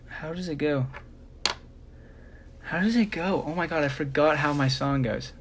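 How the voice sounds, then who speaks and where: Young male singer on a phone livestream, slow and drowsy, a touch higher-voiced, rambling fan Q&A. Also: fairly bright tone, a little hiss or hum. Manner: laid-back and rambling, many fillers. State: sleepy, yawning. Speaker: singer answering fan questions. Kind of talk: casual livestream Q&A.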